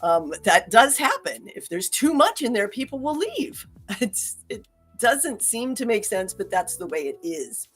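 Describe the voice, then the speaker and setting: A woman's voice: a little high, sing-song, unhurried, husky, faint music behind. A woman hosting a casual talk, chatty and upbeat, laughing often and restarting her sentences. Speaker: host.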